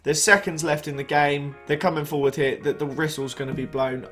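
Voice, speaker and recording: A young man commentates on his football management game, speaking a little fast with few pauses in a high-leaning, slightly bright voice full of lively intonation. Soft music plays in the background. This gaming YouTuber chats and reacts to match events while yawning and sounding worn out.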